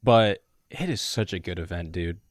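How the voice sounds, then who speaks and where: A man's voice: sits low, normal speed, dry recording. Chatty young guy, rambling stories. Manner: rambling storytelling with many "like"s. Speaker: podcast co-host. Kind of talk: casual chat.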